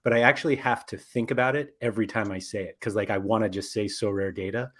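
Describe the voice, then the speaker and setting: A man's voice: on the low side, fast, fairly bright tone. A man hosting a casual podcast, talking in a rambling way with lots of fillers and self-corrections. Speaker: podcast host.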